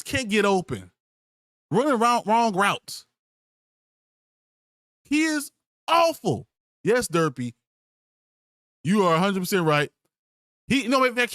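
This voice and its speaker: A man's voice: sits high, a bit bright, no room sound, clean studio sound. A man hosting a sports podcast, ranting in an exasperated, profane way at his team's players. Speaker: podcast host.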